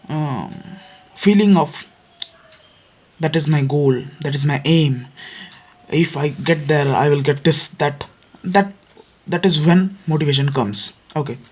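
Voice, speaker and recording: Male teacher, Odia English accent, slightly high voice, explanatory lecture pace with hesitant fillers. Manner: frequent fillers and restarts, repeats key points. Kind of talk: explanatory lecture for exam students.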